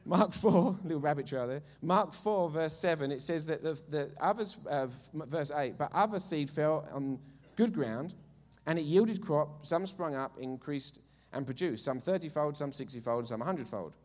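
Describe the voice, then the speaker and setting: A middle-aged man with an Essex English accent, preaching a sermon with jokey asides and loud bursts of enthusiasm. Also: fairly high pitch, moderate pace. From England.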